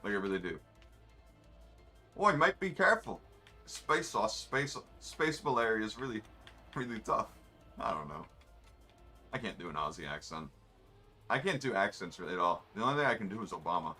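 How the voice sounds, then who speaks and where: A man's voice: on the low side, expressive, brisk, pushed and bright, faint music behind. A man, rambling in wry, offhand asides while commenting on his racing game. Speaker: gamer streaming a race. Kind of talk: casual gameplay commentary.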